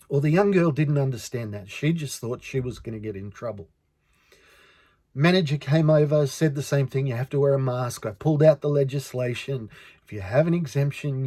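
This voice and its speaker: A man's voice: medium pitch, a little mellow, no echo. An Australian man hosting a podcast, telling a personal story in an earnest way and often repeating words as he talks. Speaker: podcast host.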